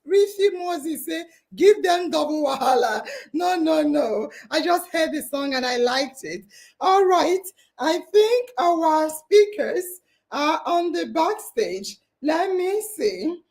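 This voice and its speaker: Excited woman host, very high voice. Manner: excited, laughing and tearful, reads out listener comments. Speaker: podcast host. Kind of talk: live online hangout hosting.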